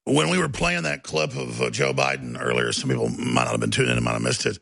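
A middle-aged man with a heavily gravelly, husky voice hosts heated political talk radio. His tone is bright and forceful, a little higher than most men, and he mocks opponents with shrieking impressions. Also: sing-song, fast, dry recording. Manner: mocking, breaks into shrieking impressions.

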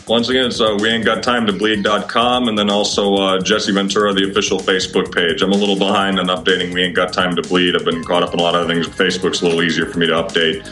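A man speaking as a guest on a radio show, halting and stacking "you know" restarts. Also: sits low, flat delivery, sharp tone, faint music behind. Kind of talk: casual interview talk.

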